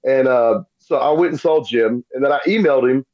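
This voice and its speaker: Middle-aged man, podcast guest, animated storyteller who acts out voices, mid pitch, a bit muffled. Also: a little fast. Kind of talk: casual storytelling.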